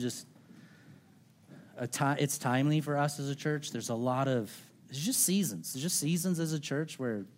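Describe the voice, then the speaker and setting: Earnest pastor preaching a sermon. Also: male voice, mid-range voice. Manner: earnest storytelling, shifting to quiet intimate tones.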